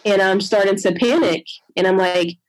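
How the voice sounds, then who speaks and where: A woman's voice: medium pitch, moderate pace, no echo, low-quality recording. A young adult woman telling her own birth story in a conversation, emotional and retelling what others said. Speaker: guest sharing a birth story.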